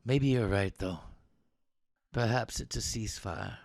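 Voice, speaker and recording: A man's voice: lowish voice, animated, a little slow, creaky, darkish tone, dry recording. A man reading the part of a reserved, dry-witted upper-class young soldier in a script reading. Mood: wary.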